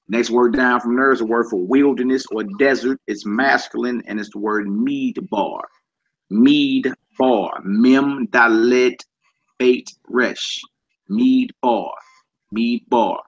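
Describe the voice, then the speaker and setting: A man leads a relaxed Hebrew vocabulary lesson, saying each word over and over and spelling it letter by letter. He talks at an unhurried, deliberate pace. The recording sounds dull and lo-fi. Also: mid-range voice. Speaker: Hebrew teacher.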